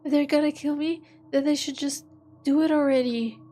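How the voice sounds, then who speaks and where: A woman voicing a frightened young woman who pleads through her tears in a high, strained voice. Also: fairly even intonation, moderate pace, mellow, close to an everyday voice. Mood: desperate pleading.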